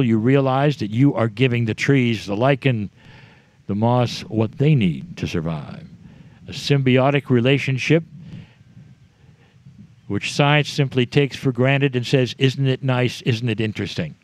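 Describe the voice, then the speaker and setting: Man channeling a spiritual message to a gathering; unhurried, deliberate, dry close sound. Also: medium pitch, a little mellow, dry recording. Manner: slow, measured phrasing in short pauses, addressing listeners directly. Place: live gathering with an audience.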